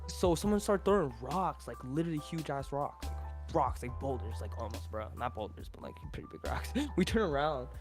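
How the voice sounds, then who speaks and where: A man's voice: medium pitch, sing-song, a little fast, few pauses, music in the background. A young man telling a story as a podcast guest in casual, rambling talk, full of swearing and "like" fillers. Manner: profane, rambling, with filler 'like'.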